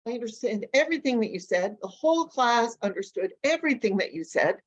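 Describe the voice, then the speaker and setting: A woman language coach and educator, telling stories in an animated, energetic way during a casual interview. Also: a little high, fairly quick, muffled recording. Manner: animated, energetic storyteller who acts out voices.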